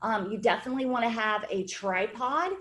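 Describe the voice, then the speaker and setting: A woman's voice: fairly high pitch, fairly quick, fairly bright tone. Upbeat woman presenting a fitness webinar. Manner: upbeat, encouraging, conversational. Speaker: fitness educator hosting a webinar.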